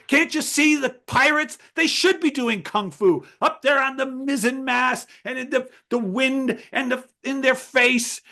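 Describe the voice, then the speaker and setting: A man doing an eager, high excited young guy. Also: exaggerated voice. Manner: eager, insistent. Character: excited young man gushing over his idea.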